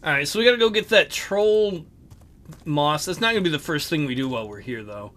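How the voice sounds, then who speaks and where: A man's voice: a little high, expressive, brisk, a bit bright. A man hosting a casual let's play, commenting on a game in a jokey, upbeat way.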